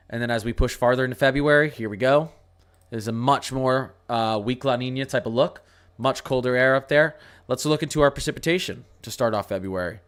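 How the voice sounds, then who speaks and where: A man's voice: mid-range voice, clear, resonant tone. A young man hosting a casual weather stream, answering viewer questions and rambling through model charts, often repeating himself. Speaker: weather channel host. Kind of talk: casual livestream weather talk.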